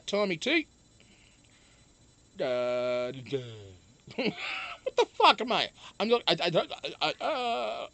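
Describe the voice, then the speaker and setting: A man's voice: on the high side, a bit bright. A man hosting a live-stream show, chatting casually, rambling and swearing as he greets viewers by name.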